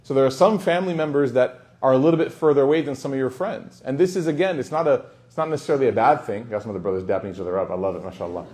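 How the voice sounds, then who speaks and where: A man's voice: mid-range voice, rapid-fire, hardly any pauses. A man speaking as an imam and teacher at a community gathering, in a casual, joking lesson style sprinkled with Arabic phrases. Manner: warm, joking, peppers speech with Arabic phrases.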